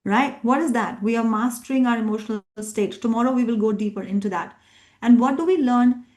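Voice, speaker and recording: A woman's voice: a little high, brisk, a little mellow. Emphatic woman coach rallying a workshop. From immigrant living in Australia. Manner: emphatic and repetitive, rallying the audience with questions. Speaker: NLP coach and workshop trainer. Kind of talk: live workshop teaching. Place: workshop room with a live group.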